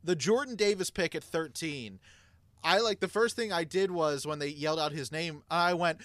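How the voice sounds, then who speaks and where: A man co-hosting a casual sports chat, telling his story in a chatty way and getting loud when excited. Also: fairly high pitch, normal speed, no echo, clean studio sound. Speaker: podcast co-host.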